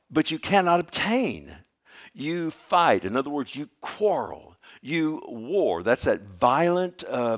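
A man preaching a sermon as pastor in a church, animated, asking rhetorical questions and swinging between loud emphasis and quiet asides. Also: medium pitch.

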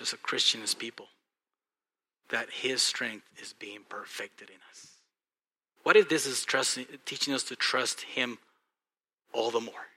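A male pastor with a Texan accent delivers a sermon in a very bright, sharp voice. He is impassioned, dropping to hushed, earnest lines and then rising to loud, excited bursts. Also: mid-range voice, husky.

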